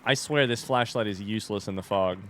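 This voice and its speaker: A man's voice: on the low side, brisk, slight background noise. A young man giving live gameplay commentary, jumpy and panicky with sudden sworn outbursts. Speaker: streamer.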